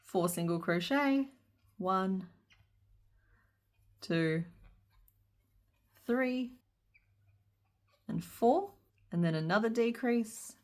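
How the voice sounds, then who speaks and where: A crochet instructor walks through a pattern step by step, counting stitches aloud and breaking into giggles. Her mid-range voice is animated but very slow, with long pauses.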